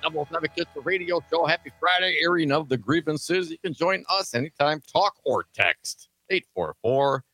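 Wry male radio co-host over soft music. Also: fairly high pitch, animated, normal speed, hardly any pauses, no echo. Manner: dry, wry asides. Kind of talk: talk radio hosting.

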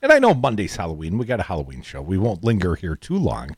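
A man's voice: deep voice, huge pitch swings, fast talker, slightly rough, no echo, clean studio sound. A middle-aged man hosting a radio talk show, bantering and teasing his co-host with frequent laughs. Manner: joking, teasing, laughs often. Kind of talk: casual on-air banter.

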